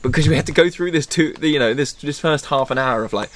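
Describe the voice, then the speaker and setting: A man's voice: on the high side, quick pace. A man, a forest school leader and former teacher, chatting casually in a rambling way and acting out quotes. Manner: rambling, self-interrupting, acts out quotes. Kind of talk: casual chat.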